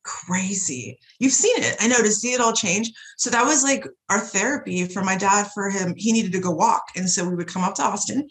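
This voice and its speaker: Chatty woman swearing a lot, just telling stories, normal pitch. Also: moderate pace, hardly any pauses. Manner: animated, profane, swears freely. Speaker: guest, shop owner. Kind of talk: casual storytelling chat.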